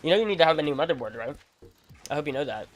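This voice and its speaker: A man's voice: fairly high pitch, expressive, racing. A man streaming a game, chatting casually in slang, rambling and repeating himself as he tells stories. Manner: casual slang, says "bro" and "freaking". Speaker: gaming streamer. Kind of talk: casual livestream chat while playing.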